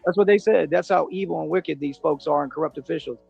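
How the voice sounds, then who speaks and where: A man's voice: on the high side, quick pace, vocal fry, lo-fi sound, music in the background. A man in a played video ranting defiantly and boastfully in street slang. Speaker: self-styled independent detective in a played video.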